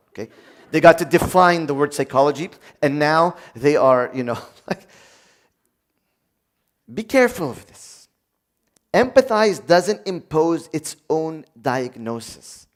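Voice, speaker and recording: Animated man preaching with lively pitch. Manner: animated, acts out dialogue, jokes with audience. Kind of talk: sermon.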